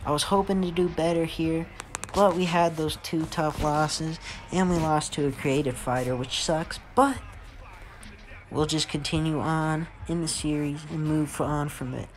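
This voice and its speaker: Excitable man commentating a fight game. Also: a little high, unhurried, a little hiss or hum. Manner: excitable, laughs and exclaims during play. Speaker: gaming channel host. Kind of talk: casual let's-play commentary.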